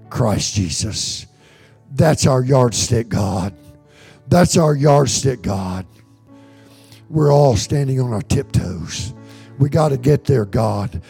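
A man's voice: mid-range voice, gravelly, a little mellow, slightly rough. A man with a Texan accent, a pastor leading his church in a fervent, repetitive sermon prayer in the sanctuary.

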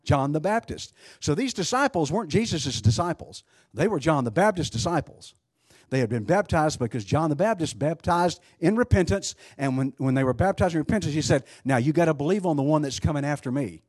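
A man's voice: on the high side, lively intonation, fairly quick, darkish tone, no room sound, clean studio sound. A man preaching a sermon, emphatic, asking rhetorical questions and often restarting his sentences.

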